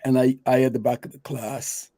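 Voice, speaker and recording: A man with a Guyanese accent chatting about his experience, reflective and lively when he tells stories. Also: mid-range voice, moderate pace, no room sound. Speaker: guest. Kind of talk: casual chat, storytelling.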